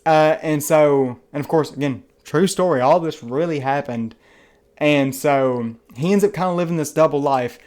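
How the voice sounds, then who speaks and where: A man's voice: a little high, moderate pace, a little mellow. A man from the American South with a Southern accent, giving a casual spoken movie review in an earnest, enthusiastic, rambling way that often restarts its phrases. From Southern United States. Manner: rambling and chatty, restarts phrases, many fillers. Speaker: film reviewer.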